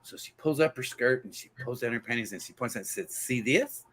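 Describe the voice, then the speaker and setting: A man's voice: mid-range voice, animated, quick pace, a bit bright. A man hosting a casual group show, telling a long joke in a rambling, folksy way. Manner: rambling, folksy storyteller with lots of fillers. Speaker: podcast host.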